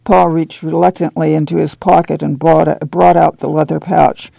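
A man narrating a novel aloud in a steady, measured way on a close microphone. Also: on the high side, creaky, no room sound, rough recording. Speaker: audiobook narrator. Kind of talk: scripted narration.

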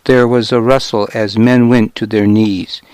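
Male narrator, first-person audiobook, gruff, measured, dry studio. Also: fairly low pitch, little pitch movement, darkish tone, no room sound.

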